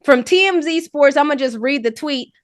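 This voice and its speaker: A woman co-hosting a podcast in casual chat, animated and urging listeners to support a friend's music. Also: high-pitched, moderate pace, dry recording, studio quality. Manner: animated, hypes and urges listeners. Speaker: podcast co-host.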